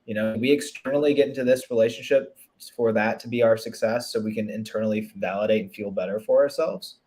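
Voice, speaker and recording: A man's voice: on the low side, fast talker, darkish tone. Earnest man, reflective relationship coach. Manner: earnest and reflective, many restarts and "you know" fillers. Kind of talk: conversational interview.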